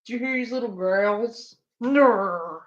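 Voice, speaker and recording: A woman's voice: fairly high pitch, takes it slowly, muffled recording. A woman hosting a live stream, chatting casually and playfully scolding her pet. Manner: playful, talks to her pet while reacting. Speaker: stream host.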